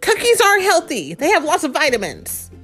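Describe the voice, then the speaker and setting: A woman's voice: sits high, huge pitch swings, normal speed, fairly bright tone, faint music behind, pitched above the performer's own voice, heavily acted. A woman voicing an eager, cheeky little chick boy, reading a storybook aloud. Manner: bouncy, pleading, cheeky.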